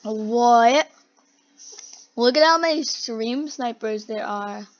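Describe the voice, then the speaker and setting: Excitable young gamer reacting with gasps. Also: female voice, on the high side, slow pace, muffled recording. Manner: excitable, gasping, giggly. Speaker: video reactor. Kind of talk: try-not-to-laugh reaction commentary.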